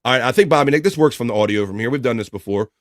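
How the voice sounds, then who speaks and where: A man's voice: mid-range voice, racing, no room sound. A man hosting a live online show in casual talk, joking as he reads out chat messages and horoscopes. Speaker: host.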